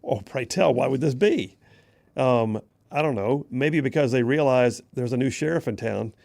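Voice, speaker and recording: A man's voice: mid-range voice, moderate pace, creaky, darkish tone. Emphatic folksy radio host man. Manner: emphatic, folksy, repeats phrases for punch. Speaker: radio talk show host. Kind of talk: talk radio monologue.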